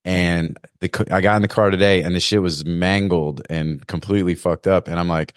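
A laid-back man hosting a chat over a video call, joking and rambling with slang and fillers. His voice sits a little low and sounds dry and close. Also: steady tone, fairly quick, no echo. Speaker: podcast host. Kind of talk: casual chat. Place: Florida.

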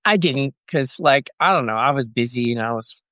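A man's voice: mid-range voice, lively intonation, moderate pace, pushed and bright, dry recording, clean studio sound. A man in casual chat, telling a self-deprecating anecdote with quoted dialogue.

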